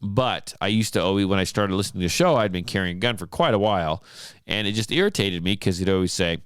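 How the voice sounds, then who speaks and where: Man, podcast host, casual monologue, somewhat low voice, dry close sound, exasperated storytelling. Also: fast, clean tone, no room sound. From United States. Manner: storytelling, animated and exasperated, with many restarts. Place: home studio.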